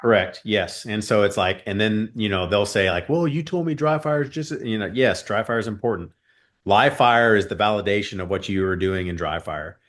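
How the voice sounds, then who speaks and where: Low-voiced man as an earnest guest. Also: steady tone, normal speed, a bit bright. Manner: rambling, filler-heavy, earnest. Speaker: guest, shooting coach. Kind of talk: casual interview chat.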